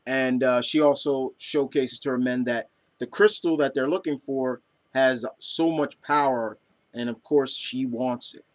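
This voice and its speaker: A man in the middle of a casual video review, talking at an ordinary pitch for a man. He keeps stopping to hunt for the next word and restarting his sentences, but his enthusiasm as a fan comes through. The recording is dry and close, with no room sound. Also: fairly even intonation, a little slow, no room sound. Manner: hesitant, many ums and restarts. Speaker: anime review vlogger. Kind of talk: casual chat.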